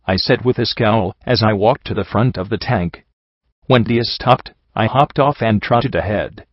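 A man narrating a first-person story in a steady, even storytelling manner. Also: on the low side, unhurried, no echo. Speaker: audiobook narrator. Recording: dull lo-fi recording.

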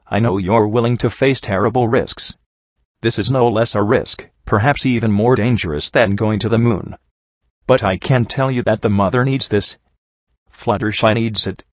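Guy doing a firm no-nonsense pony doctor lady, low voice. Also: normal speed, dry recording, lo-fi sound, lightly acted. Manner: firm, matter-of-fact.

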